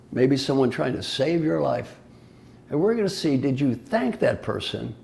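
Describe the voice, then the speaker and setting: A man's voice: medium pitch, creaky, a little mellow. An older man giving a motivational talk as an executive coach, playful and emphatic, firing off rhetorical questions.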